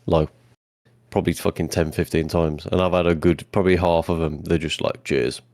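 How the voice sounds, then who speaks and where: Man, very deep voice, blunt and swearing, podcast chat, dry sound. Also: little pitch movement, brisk, darkish tone, no room sound. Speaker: podcast co-host. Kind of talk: casual storytelling chat.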